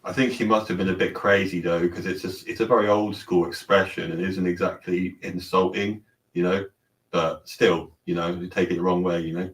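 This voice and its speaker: A man chatting in a relaxed, reflective way, full of "you know"s. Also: sits low, moderate pace. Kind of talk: casual chat. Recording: echoey, distant mic.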